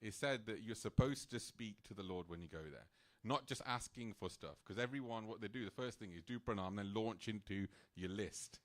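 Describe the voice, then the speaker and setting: This man's voice runs on the low side and moves at a normal speed. He's speaking at a temple program, animatedly sharing a personal story with plenty of "like" and little bursts of laughter.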